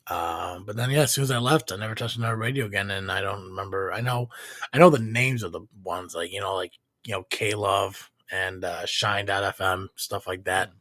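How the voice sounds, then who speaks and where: A man's voice: deep voice, fairly quick, a bit bright, no room sound, clean studio sound. A man co-hosting a casual live podcast, rambling and swearing, with lots of fillers. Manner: rambling, profane, many fillers. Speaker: podcast co-host.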